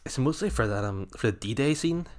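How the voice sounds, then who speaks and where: A man's voice: mid-range voice, expressive, brisk. A man co-hosting a casual podcast, wry and teasing. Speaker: podcast co-host. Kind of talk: casual chat.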